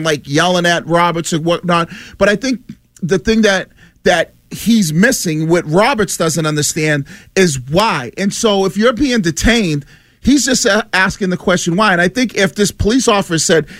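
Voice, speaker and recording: A man's voice: high voice, a bit bright, no echo, studio quality. A man co-hosting a radio call-in show, arguing his points emphatically and cutting into callers. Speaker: sports radio co-host.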